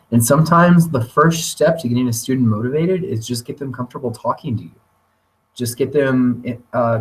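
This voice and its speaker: Man teaching a webinar from afar. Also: mid-range voice. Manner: relaxed conversational teaching with fillers. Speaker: teacher training webinar presenter. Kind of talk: webinar lecture. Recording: voice distant from the mic.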